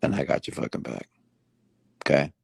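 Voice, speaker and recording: A man delivering a late-night motivational rant, preachy and repetitive, now and then jumping high to mimic other people. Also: moderate pace, dry recording. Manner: animated, mimics other people with sudden high-pitched outbursts; preachy, repeats phrases for emphasis. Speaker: motivational host. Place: Houston.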